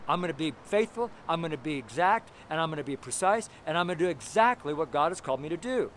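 A man preaching a fervent street sermon outdoors beside a busy road, talking loudly and emphatically. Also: a little high, lively intonation, fast, slight background noise. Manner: fervent, emphatic, loud at times.

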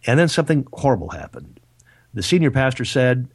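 A man telling a personal story on a podcast, halting and repeating himself, with self-deprecating humor. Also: medium pitch, big pitch swings, breathy edge. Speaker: author and speaker, regular guest. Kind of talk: casual storytelling.

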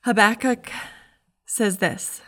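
A woman's voice: a little high, fairly even intonation, slow pace, fairly bright tone. A middle-aged woman giving a heartfelt, earnest devotional message as a Christian speaker.

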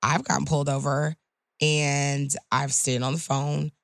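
A woman's voice: deep voice, level tone, measured pace, creaky, dry recording, clean studio sound. A woman attorney talking in a casual podcast conversation, emotional and emphatic. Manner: emotional, emphatic, rising to loud indignation. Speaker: guest attorney.

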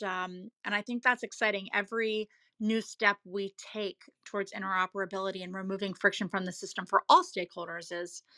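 A woman's voice: mid-range voice, a bit bright. A woman moderating a live audio panel, upbeat and steering the conversation toward questions.

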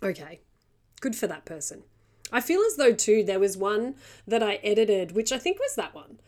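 A woman's voice: medium pitch, big pitch swings, normal speed, darkish tone. A woman co-hosting a podcast in casual chat, reading listener stories aloud and often breaking into giggles. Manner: giggly, chatty, digresses. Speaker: podcast co-host.

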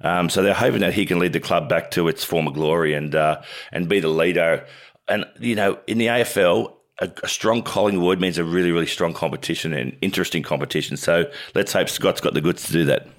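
An Australian man co-hosting a sports show, matey and halting, with many restarts. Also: deep voice. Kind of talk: casual sports chat.

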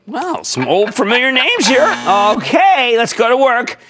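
An older man hosting a finance call-in show, excitable and emphatic in rapid-fire bursts. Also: very high voice, crowd noise. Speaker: TV stock market show host.

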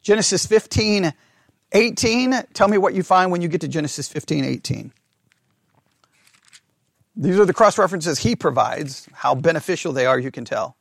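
A man leading a Bible study class, reading scripture aloud slowly and checking in with the group with frequent questions. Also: a little high, animated, gravelly, no echo, clean studio sound.

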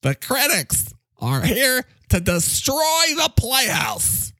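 A man voicing an excitable male character who announces gossip in a frantic way. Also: very high-pitched, takes it slowly, no room sound, voice pushed up, full character voice.

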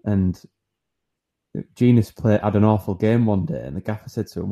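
A man's voice: fairly low pitch, moderate pace, pauses often, dark tone. A man co-hosting a podcast, going through listeners' suggestions with hesitant fillers. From not from Newcastle. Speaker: podcast co-host. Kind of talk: casual chat.

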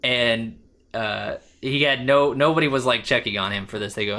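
A man co-hosting a podcast, talking casually and animatedly, with rambling restarts and quick laughs. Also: medium pitch, steady tone, bright, forceful tone. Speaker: podcast co-host. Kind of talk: casual movie discussion.

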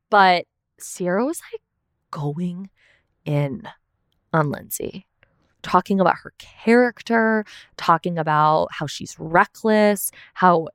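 This young woman's voice sits low and sounds smooth and clear. She chats loosely, keeps saying "like" and swears now and then. It is close and dry, with no room sound. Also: fairly bright tone, no echo. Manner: chatty, peppered with "like", swearing. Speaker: podcast host. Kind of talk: casual recap chat.

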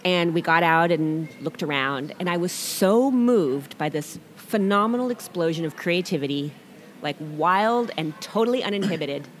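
Middle-aged woman telling stories on a podcast, lively, acts out what people said, a bit low voice. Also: moderate pace, a little hiss or hum. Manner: animated storyteller who acts out quotes. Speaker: featured artist guest. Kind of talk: casual storytelling interview.

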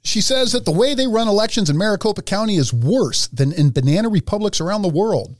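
A fast-talking man with a high, animated voice co-hosts a podcast in casual chat. He rambles and laughs between words, sometimes reading news items aloud.

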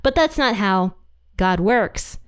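A woman's voice: medium pitch, expressive, slow, smooth. A woman giving a casual, conversational Bible study talk as the host of her channel, mixing scripture with personal stories. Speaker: Bible teacher.

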